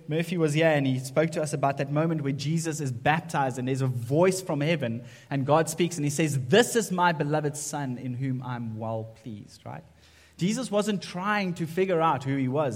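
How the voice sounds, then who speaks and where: The pastor's voice is a little high with a darkish tone as he delivers a conversational sermon in the sanctuary, repeatedly asking "right?" Church hall reverb makes the recording echoey.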